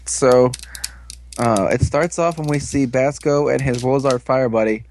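A man's voice: medium pitch, measured pace, a little mellow, slight background noise. Rambling man recapping casually. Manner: loose, rambling, swears casually. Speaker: podcast host recapping an episode.

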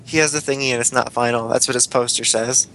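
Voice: medium pitch, steady tone, fast, background noise. A co-host in a casual chat among friends who teases the others and tells stories with frequent laughter. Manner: giggly, teasing storytelling. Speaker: podcast co-host.

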